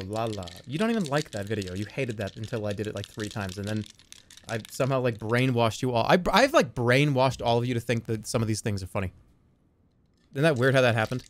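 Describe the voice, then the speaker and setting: A man's voice: medium pitch, dry recording, clean studio sound. A man streaming a game, chatting casually in a rambling, stammering way with plenty of swearing. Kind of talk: casual chat while gaming.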